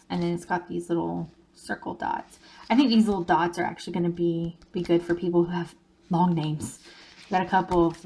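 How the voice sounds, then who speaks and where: A woman's voice: fairly low pitch, vocal fry, a little mellow, a little hiss or hum. A woman, chatting casually as she shows a crafting project in her own video. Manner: chatty, folksy, with fillers and small laughs.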